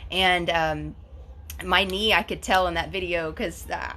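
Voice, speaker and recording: Bright-voiced woman in her forties. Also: on the low side, steady tone, a little slow. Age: 40s. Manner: chatty and effusive, reads out comments. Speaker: host. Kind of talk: casual live-stream chat.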